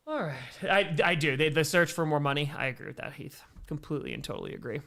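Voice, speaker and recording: A young man doing live play-by-play of a football game while chatting casually with viewers, shouting on big plays. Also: fairly high pitch, fast talker, creaky, few pauses. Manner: casual, answers viewer chat between plays, bursts of excitement on big plays. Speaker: livestream play-by-play commentator. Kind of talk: live play-by-play and chat reactions.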